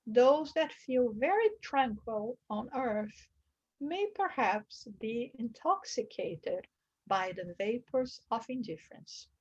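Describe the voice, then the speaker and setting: A woman's voice: expressive, takes it slowly, darkish tone, muffled recording. A woman leading a religious study class, earnest, reading passages and explaining them. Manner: earnest, acts out quoted screams with high bursts. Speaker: study group teacher.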